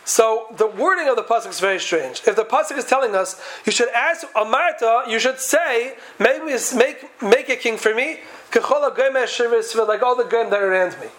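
A man's voice: extremely high pitch, a little fast, few pauses, a bit bright, rough recording. A man giving a Talmudic lecture to a class, posing question after question in a sing-song study cadence. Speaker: Torah teacher.

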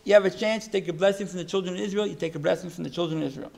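A man's voice: sits high, rapid-fire, creaky, darkish tone. A man voicing a stubborn woman who turns down a reward and insists on her mother's advice. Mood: insistent. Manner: insistent, repeats herself.

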